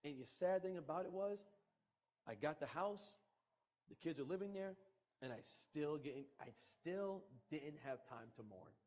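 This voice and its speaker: A middle-aged man's expressive voice, on the high side with a darkish tone, moves at a moderate pace. As a podcast guest, he emotionally retells a painful loss, repeating himself and quoting people, in muffled audio.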